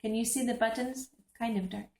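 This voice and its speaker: A woman reading a children's story aloud in a teacherly way, stopping to explain what the pictures show. Her voice has a gravelly edge, and the echoey room rings around it. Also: on the high side, fairly even intonation, a little fast, mellow. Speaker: host reading to English learners. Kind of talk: children's book read-aloud.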